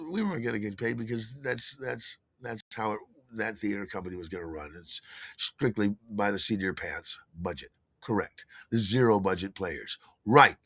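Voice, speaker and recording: An older man hosting a podcast, telling a rambling story in a casual, animated way with restarts and chuckles. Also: dry recording. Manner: animated, acts out quotes in a higher voice. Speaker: podcast host.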